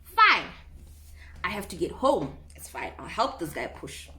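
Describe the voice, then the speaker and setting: A young woman tells a story to her viewers in a lively, swooping voice. She talks dramatically and keeps addressing her audience. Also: fairly low pitch, moderate pace. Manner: animated, dramatic, mixes in Setswana phrases. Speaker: vlogger. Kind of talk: casual storytime.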